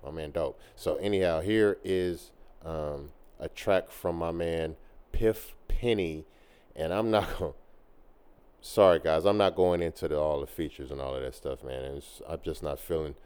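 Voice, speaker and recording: A man's voice: extremely low pitch, moderate pace, darkish tone, clean tone. A man hosting a podcast, talking casually between tracks in loose, slangy hype talk. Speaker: podcast host.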